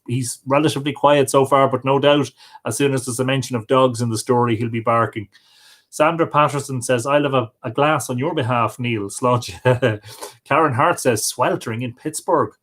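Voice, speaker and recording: A man hosting a livestream, reading out viewer comments in a casual, friendly way and greeting each viewer by name. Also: mid-range voice. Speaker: livestream host.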